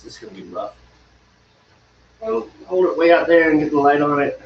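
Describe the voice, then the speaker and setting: A man's voice: medium pitch, slight background noise. A man hosting a homebrew livestream, chatting casually and teasing with playful exaggeration. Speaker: homebrewing host. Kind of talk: casual banter while brewing. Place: home brewing space. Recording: distant roomy lo-fi livestream audio.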